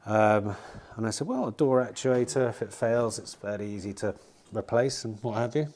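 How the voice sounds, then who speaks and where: With a lowish, slightly mellow voice and a moderate pace, a middle-aged used car dealer talks casually to camera. He rambles and swears now and then in this vlog, filmed outside in bright sunshine at his car lot.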